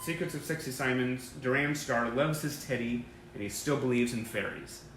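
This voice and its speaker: A man's voice: medium pitch, moderate pace, fairly bright tone, echoey room, slight background noise, rough recording. A man hosting a fan livestream, chatting enthusiastically and rambling as he reads old press clippings and greets viewers by name. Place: indoor room with sunlight through a window. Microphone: webcam or phone livestream.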